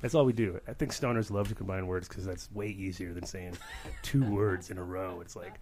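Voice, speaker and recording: A man's voice: sits low, steady tone. A man co-hosting a podcast in rambling, jokey casual chat. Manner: rambling, jokey, talks fast. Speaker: podcast co-host.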